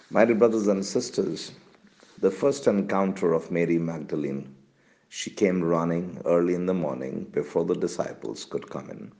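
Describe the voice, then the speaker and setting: A man preaches a morning devotion in a very low voice with a gravelly edge. His tone is dark and mellow, and he retells the scripture story earnestly, often stopping to praise. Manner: earnest, exclaims praise, retells scripture with short quoted lines.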